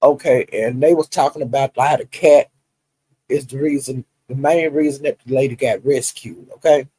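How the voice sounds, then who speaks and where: A man's voice: mid-range voice, moderate pace, breathy edge, dry recording, poor audio. A man chatting casually on a livestream, retelling online drama with laughter and acted-out quotes. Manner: animated, laughing storyteller who acts out quotes. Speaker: livestream commentator. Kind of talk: casual gossip commentary.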